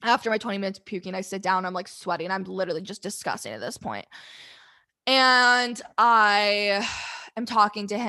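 A woman's voice: medium pitch, steady tone, moderate pace, sharp tone. A young woman telling a candid, rambling story to the camera, flustered and close to tears, swearing freely.

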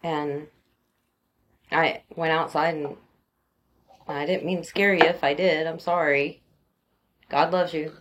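A woman's voice: low voice, fairly even intonation, slow, pauses often, fairly bright tone, dull audio, slight background noise. A woman, co-hosting a faith podcast and telling a story in casual chat, laughing easily. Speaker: podcast co-host.

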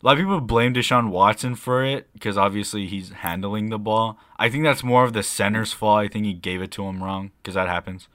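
A young man co-hosting a casual podcast, telling a rambling story with lots of swearing and excitable bursts. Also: on the low side, a little fast, hardly any pauses, no echo, clean studio sound. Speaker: podcast co-host. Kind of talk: casual chat.

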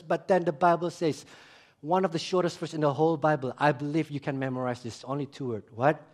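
High-voiced emphatic male preacher. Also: fairly even intonation, fast talker. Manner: emphatic, swings between loud high emphasis and quiet low asides; repeats phrases for emphasis, asks the audience questions. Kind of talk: sermon.

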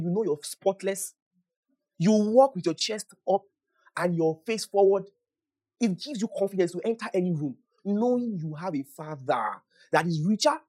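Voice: medium pitch, slightly rough. Preacher teaching and praying in tongues. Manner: conversational, asks the listeners questions, laughs often; prays aloud in tongues, rising in loudness. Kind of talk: sermon and prayer.

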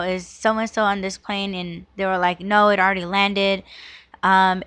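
A woman's voice: medium pitch, pushed and bright, smooth, no echo. A woman in her thirties hosting a podcast, telling a personal story in a frank, casual way, peppered with "like" and "you know" and swearing. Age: 30s. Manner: heavy use of "like" and "you know", frank and profane. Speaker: podcast host.

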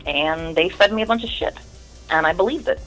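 A woman's voice: fairly low pitch, fairly quick, fairly bright tone, faint music behind, low-quality recording. A woman in her thirties, a guest in an interview, telling her story in a candid, rambling way and swearing often.

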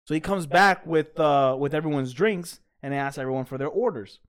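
A man's voice: a little high, brisk. A man co-hosting a podcast, telling a story in casual, profane chat. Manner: animated, profane, laughs while telling a story. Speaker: podcast co-host.

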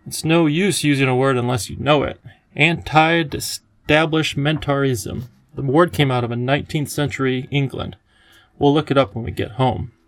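A man's voice: mid-range voice, fairly even intonation, brisk, gravelly, no echo, lightly acted. A man voicing a kindly, eccentric elderly professor who speaks in a cheerful, lecturing way.

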